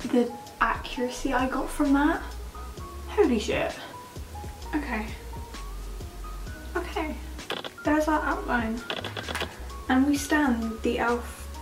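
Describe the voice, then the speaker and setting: A young woman chatting excitably and giggling through a casual makeup vlog at home. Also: high-pitched, takes it slowly, pauses often. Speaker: makeup vlogger. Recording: roomy, distant mic with background music.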